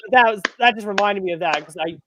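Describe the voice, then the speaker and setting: Man, fairly high pitch, hesitant, casual podcast talk. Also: quick pace, noisy background. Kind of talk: casual wrestling chat.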